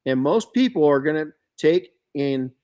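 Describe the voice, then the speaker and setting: A middle-aged man hosting a podcast, chatting casually and telling stories in an animated way, often restarting his sentences. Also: a little high, normal speed. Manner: storytelling, animated, frequent restarts and self-corrections. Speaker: podcast host.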